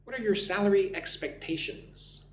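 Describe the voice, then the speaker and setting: A man's voice: high-pitched, moderate pace, reverberant, slight background noise. A man teaching English on a live stream, reading chat comments aloud and modeling sample interview answers.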